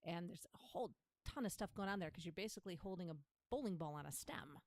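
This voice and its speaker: A woman guest on a podcast, chatting casually and animatedly and demonstrating vocal warm-ups. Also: on the low side, lively intonation, fast, no room sound.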